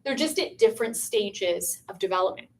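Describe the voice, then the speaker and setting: A woman from Canada giving a lecture to a student audience, chatty and lively, often asking the listeners questions. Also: medium pitch, moderate pace. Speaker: pro-life speaker. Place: room with a piano and a live audience.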